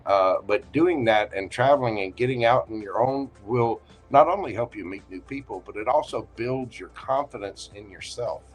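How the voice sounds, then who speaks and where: A man's voice: mid-range voice, normal speed, hardly any pauses, slightly rough, soft background music. A man with a Southern accent hosting a livestream tarot reading, talking in a folksy, joking and reassuring way. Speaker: tarot reader and livestream host.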